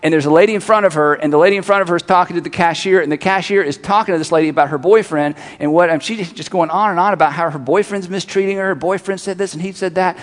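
A middle-aged man preaching a sermon as pastor, animated and repeating his key phrases for emphasis while leading the congregation. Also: high voice, quick pace, hardly any pauses. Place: large church auditorium. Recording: long hall reverb.

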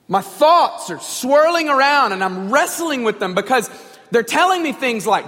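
High-voiced preacher in a reverberant hall. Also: male voice, very animated, normal speed, fairly bright tone. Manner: direct, conversational, asks the audience questions. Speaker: pastor. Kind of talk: sermon. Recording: long reverb in a large hall.

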